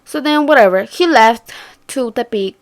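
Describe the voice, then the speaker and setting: Casting note: young woman vlogger, chatty and profane, a little high-pitched, storytime delivery. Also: animated, normal speed. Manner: chatty, swears a lot, acts out quoted friends. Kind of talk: casual storytime chat.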